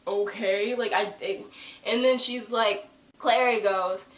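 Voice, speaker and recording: A woman chatting casually through a TV episode recap, animated, jumping into loud high voices to act out lines. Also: slow. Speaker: TV episode reviewer. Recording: roomy echo.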